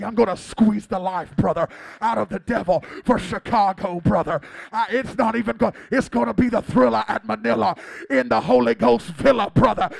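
A man putting on an intense booming pastor. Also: vocal fry, full character voice. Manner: wrestling-promo bravado, shouted threats.

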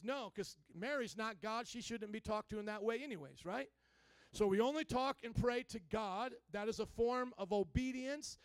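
A man's voice: high voice, no echo. A male pastor giving a sermon to his congregation, talking casually and putting many questions to the listeners. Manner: conversational, asks the congregation questions; casual informal phrasing. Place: church.

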